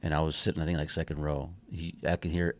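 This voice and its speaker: A man co-hosting a casual podcast, speaking with quick enthusiasm and frequent swearing. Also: rumbling low, level tone, crowd noise. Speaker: podcast co-host. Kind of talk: casual chat.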